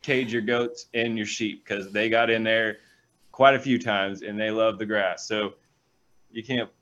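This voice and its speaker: A man, a pastor, reading scripture aloud and breaking off into energetic, animated stories with quick asides. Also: lowish voice, lo-fi sound. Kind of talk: reading scripture and preaching in a talk show.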